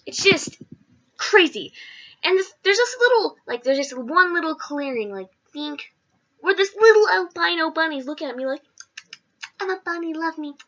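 Woman vlogger, lively swooping pitch, chatty rambling storyteller who acts out quotes. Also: moderate pace, lo-fi sound. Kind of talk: casual storytelling.

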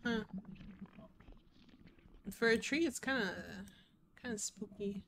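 A woman's voice: fairly high pitch, slow pace, a bit bright, a little hiss or hum. Chatty woman narrating her gameplay. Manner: chatty, playful, talks to chat while playing. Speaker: gaming streamer. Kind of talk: casual let's-play commentary.

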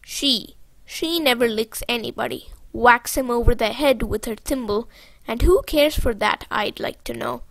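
A woman's voice: a little high, measured pace, creaky, a bit bright, no echo, heavily acted. A woman voicing an eager, scheming young boy in a storybook reading, coaxing and persuasive.

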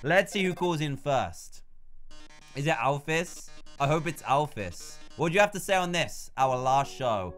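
A man's voice: fairly high pitch, lively intonation, unhurried, a bit bright, faint music behind. A man reading the part of a flamboyant male robot TV star with a dramatic, showman-like delivery, calling people darling. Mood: showy.

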